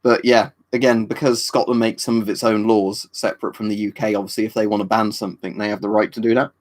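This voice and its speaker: This British livestream host talks fast in a lowish, flat voice while answering chat. He rambles casually, filling gaps with fillers and tag questions.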